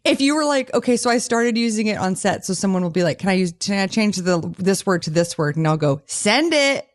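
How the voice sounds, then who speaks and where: A woman's voice: mid-range voice, fast, darkish tone. A woman co-hosting a podcast in casual chat, playful and laughing often. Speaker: podcast co-host.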